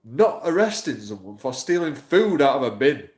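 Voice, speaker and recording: A man's voice: mid-range voice, sing-song, normal speed, darkish tone. A man talks in a rambling, emotional monologue for his channel, swearing and repeating himself. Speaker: YouTube auditor vlogger. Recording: roomy echo.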